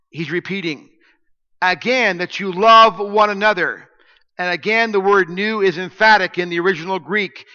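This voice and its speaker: A male pastor delivers a storytelling sermon, his bright, fairly high voice dropping to a hush and then rising to loud emphasis. The sound carries the long echo of a church hall and a dull, lo-fi tone. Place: church sanctuary.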